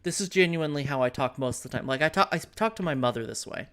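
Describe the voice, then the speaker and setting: A woman streamer with a working-class American city accent chats casually while gaming, rambling with plenty of fillers. Her voice is low-pitched and animated, she talks fast, and there's slight background noise.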